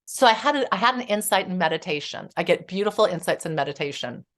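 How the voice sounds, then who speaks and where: Middle-aged lady therapist chatting on a podcast, lowish voice, earnest and spiritual. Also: quick pace. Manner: earnest, spiritual, lively storytelling. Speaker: therapist guest. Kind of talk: casual podcast conversation.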